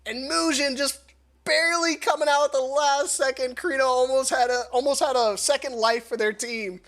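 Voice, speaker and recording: A man casting a live esports match alone, excitable and laughing often, his voice worn hoarse from shouting. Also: extremely high pitch, normal speed. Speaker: solo esports caster. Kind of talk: live esports play-by-play commentary.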